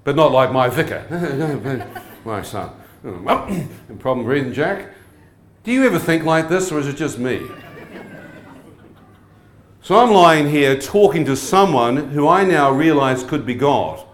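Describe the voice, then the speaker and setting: A man telling his testimony as a lively sermon to a live audience, joking and often asking the crowd questions. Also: a little high, measured pace, slight background noise. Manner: humorous, asks the crowd frequent questions. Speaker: preacher giving testimony. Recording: echoey hall.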